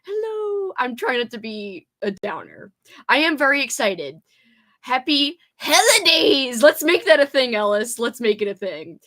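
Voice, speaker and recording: A woman's voice: fairly high pitch, sing-song, normal speed, fairly bright tone. A woman hosting a casual reading livestream, bubbly, greeting viewers by name and laughing often. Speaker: booktube livestream host. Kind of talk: casual live chat with viewers.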